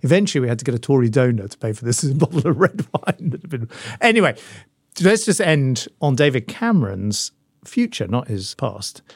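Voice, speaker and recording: A man's voice: mid-range voice, big pitch swings, fairly quick, husky, no echo, clean studio sound. Wry man musing on politics. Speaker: podcast co-host. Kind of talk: casual chat.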